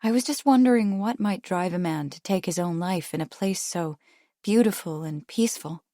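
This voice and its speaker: A woman voicing a soft, wistful woman. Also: lowish voice, moderate pace, dry recording, studio quality, lightly acted.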